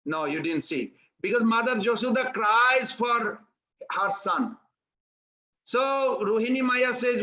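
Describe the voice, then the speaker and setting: Bright high-voiced man telling a devotional story. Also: slow pace, muffled recording. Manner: animated storytelling, acting out characters. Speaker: preacher.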